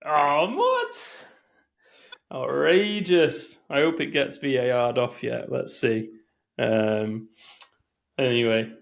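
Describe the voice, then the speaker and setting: A man's voice: mid-range voice, fairly even intonation, slow pace, creaky. A man co-hosting a podcast in casual chat, rambling and hesitant with many fillers. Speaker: podcast co-host.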